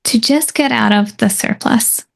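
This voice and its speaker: A woman's voice: a little high, a little slow, creaky. A woman hosting a podcast interview, asking curious, open questions. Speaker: podcast host. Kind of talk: interview conversation.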